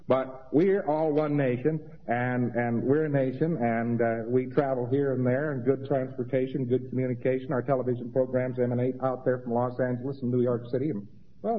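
A man giving a rambling, conversational lecture with mocking asides. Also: mid-range voice. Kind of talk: informal lecture to an audience. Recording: dull lo-fi old recording in a reverberant hall.

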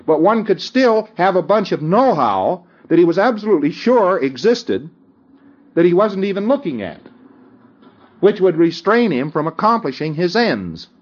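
A man's voice: sits high, big pitch swings, moderate pace, dull audio. A man giving an informal lecture, often chuckling and checking that his listeners follow him. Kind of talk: conversational lecture.

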